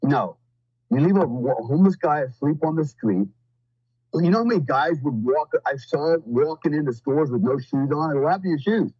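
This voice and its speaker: A man's voice: a little high, lively intonation, moderate pace, dark tone, husky, dry recording, highs cut off. A man talking as a podcast guest, telling stories in a blunt, profane, rambling way with lots of fillers. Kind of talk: casual storytelling.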